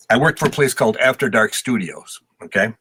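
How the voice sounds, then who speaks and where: A man's voice: medium pitch, pushed and bright, a little hiss or hum. Older man telling rambling stories. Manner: rambling, self-deprecating, with restarts. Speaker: guest musician. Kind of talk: casual storytelling interview.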